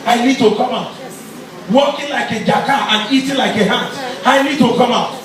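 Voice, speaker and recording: A male pastor preaching a fervent, repetitive sermon, often shouting his lines. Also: extremely high pitch, moderate pace. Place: large church tent. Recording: very echoey, distant mic, crowd and noise.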